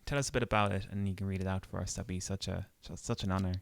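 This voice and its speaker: A man's voice: low-pitched, fairly even intonation, creaky, dry recording. A man hosting a podcast interview, playful and teasing. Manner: playful, teasing, quick to joke and laugh. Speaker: podcast host.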